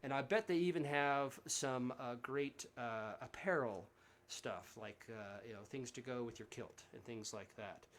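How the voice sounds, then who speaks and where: Between songs at his home livestream concert, a man from Central Texas talks in a medium-pitched, fairly bright voice at a measured pace. The singer-songwriter is friendly and rambling, full of fillers and false starts, picked up by his livestream mic.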